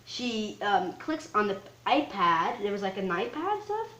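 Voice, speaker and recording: An excitable woman talks through a film's plot in a loose, rambling recap, filling every gap with "like" and "um". Her voice sits at an ordinary middle pitch. The room around her adds a noticeable echo. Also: a little slow. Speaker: film reviewer. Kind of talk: casual film recap. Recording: roomy echo.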